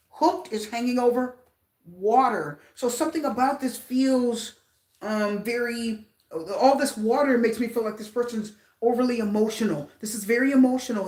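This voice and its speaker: A woman's voice: on the high side, reverberant. A woman giving a casual tarot reading, talking straight to her viewers and repeating phrases for emphasis. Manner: animated, repeats phrases, addresses viewers directly. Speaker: tarot reader.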